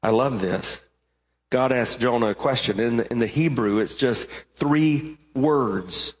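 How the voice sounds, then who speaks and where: Fervent preacher in a reverberant hall. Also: male voice, mid-range voice. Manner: emphatic, rising to fervent stretches and slowing for weighty points. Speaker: pastor. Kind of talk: sermon. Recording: long reverb of a large hall.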